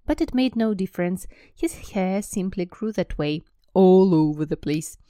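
A woman with a Russian accent hosting an English lesson podcast, chatting warmly and reading a story aloud. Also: fairly low pitch, no echo, clean studio sound. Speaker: English teacher and podcast host. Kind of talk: language lesson with read-aloud.

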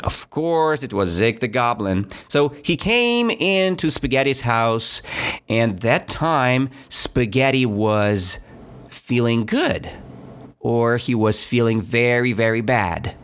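A man's voice: medium pitch, animated, slow pace, fairly bright tone, clear, resonant tone. A man teaching English through a story, explaining words step by step and checking in with "right?" after nearly every phrase. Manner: repeats and checks understanding with "right?" and "okay?". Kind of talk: slow classroom storytelling lesson.

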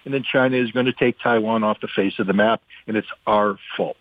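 A man's voice: fairly low pitch, fairly even intonation, fairly quick, hardly any pauses, dry recording. Man, blunt radio guest, emphatic, thin phone-line sound, dry, no room. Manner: blunt, emphatic, acts out quotes in mocking voices. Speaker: guest analyst, former weapons inspector. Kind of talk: radio call-in commentary.

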